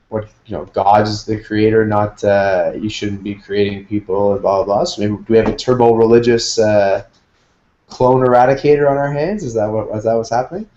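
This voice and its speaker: Man, mellow warm tone, casual podcast banter, speculative and jokey, muffled lo-fi audio. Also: lowish voice. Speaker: podcast co-host. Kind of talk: casual recap chat. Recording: dull lo-fi sound.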